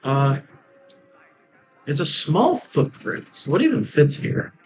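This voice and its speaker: A man's voice: on the high side, big pitch swings, takes it slowly, over music, poor audio. A man giving casual, rambling commentary while he plays a theme park building game, joking and laughing at his own jokes. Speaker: let's play gamer.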